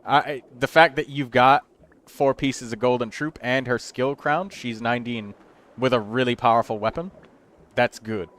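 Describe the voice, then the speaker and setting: A man's voice: mid-range voice, normal speed, a bit bright. A man hosting a game livestream, reviewing viewers' characters in casual, chatty commentary and thinking aloud as he counts numbers.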